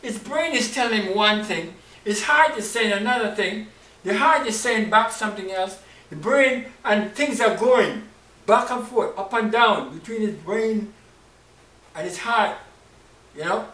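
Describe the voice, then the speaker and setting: A male preacher telling a Bible story in an expressive sermon, acting out the characters' emotions. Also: sits high, measured pace. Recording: roomy, distant mic, faint hiss.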